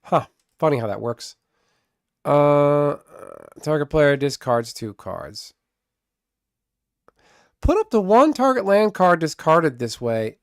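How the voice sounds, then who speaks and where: A man's voice: fairly high pitch, very animated, slow, pauses often, clear, resonant tone, dry recording, clean studio sound. A man streaming live gameplay commentary, muttering to himself and trash-talking his opponent.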